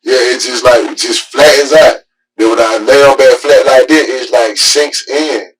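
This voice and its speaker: A father answering police questions in a halting, rambling way, full of filler words. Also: mid-range voice, fairly even intonation, distant mic, soft background music, rough recording. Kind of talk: police interview.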